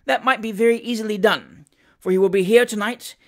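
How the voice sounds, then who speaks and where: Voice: medium pitch, fairly even intonation, a little fast, a bit bright, voice pushed up, lightly acted. A reader voicing a pompous, flustered male country magistrate in an audiobook, stern and blustering with some stammering.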